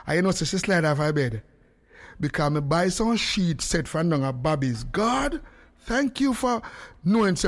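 A Jamaican man talks live from his home studio in a high, bright voice. He is animated and playful, joking with his audience and calling out to viewers by name. His speech rolls along in casual, teasing banter. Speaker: livestream host.

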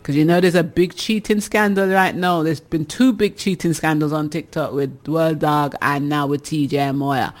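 A woman's voice: low-pitched, fairly even intonation, moderate pace, hardly any pauses. A woman hosting a casual advice show, reading listener messages and teasing them with laughter. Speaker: radio advice show host.

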